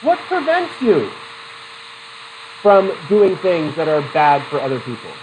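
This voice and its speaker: A man's voice: on the high side, measured pace, slight background noise, rough recording. A middle-aged man teaching a psychology class, lecturing with questions to the students and personal stories. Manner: animated, talks to students with questions and anecdotes.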